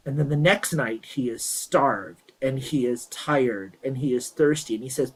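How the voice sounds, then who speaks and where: A man's voice: a little high, big pitch swings, fairly quick, few pauses, rough recording. Man, guest astronomy presenter; chatty, enthusiastic explainer and storyteller. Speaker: guest speaker at an astronomy event.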